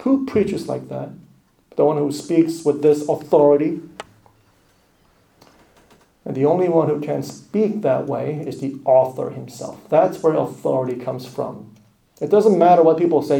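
A man preaching a sermon in a high, mellow voice. He talks emphatically, then drops into quiet asides. The room around him is echoey. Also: unhurried, creaky. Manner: emphatic, rising and dropping to hushed asides.

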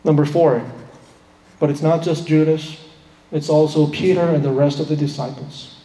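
With a steady, dark voice at a moderate pace, this preacher speaks emphatically, lifting his pitch to dramatize the quotations. His sermon echoes with long reverb through a spacious hall.

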